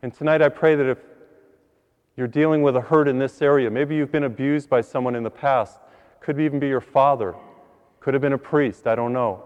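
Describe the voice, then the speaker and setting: A priest giving an earnest sermon, repeating words and building to higher emphasis on key points. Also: male voice, fairly even intonation, fairly quick, in a large hall, phone-quality sound. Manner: earnest, repeats words, rises in pitch when stressing a point.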